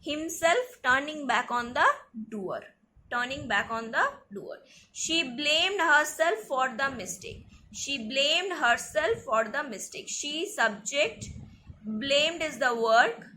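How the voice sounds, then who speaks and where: A woman teacher giving a grammar lesson, repeating each example slowly and checking in with "okay" and "see". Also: high voice, animated, pushed and bright, a little hiss or hum.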